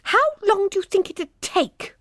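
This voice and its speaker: A woman's voice: unhurried, fairly bright tone, no echo, clean studio sound. A woman voicing a tearful, plump young girl who whines and shrieks shrilly. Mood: whiny. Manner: shrill and whining.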